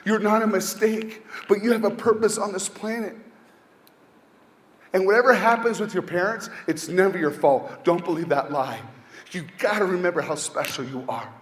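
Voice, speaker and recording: A man giving a motivational talk to a school assembly, telling stories dramatically and swinging between loud and hushed. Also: high voice, moderate pace. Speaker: motivational speaker. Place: large school hall. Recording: echoey hall, faint ambience.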